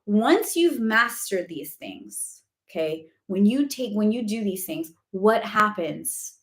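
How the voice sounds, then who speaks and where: A woman's voice: mid-range voice, very animated, slow, fairly bright tone. Chatty woman coach in a roomy space. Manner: chatty, emphatic, frequent "okay?" asides; candid and blunt, with casual swearing. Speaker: spiritual guidance coach. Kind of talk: live-stream Q&A talk.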